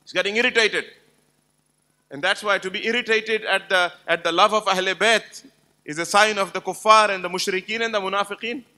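A high, steady, sharp male voice moves along fairly quickly. It belongs to an Islamic lecturer giving an emphatic religious lecture at a live gathering, where he tells stories and challenges the audience with rhetorical questions.

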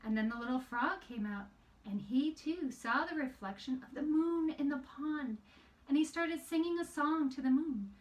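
A woman narrating a children's puppet story in a gentle, sing-song way, adding spoken sound effects. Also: high voice, moderate pace, recorded from a distance, low-quality recording.

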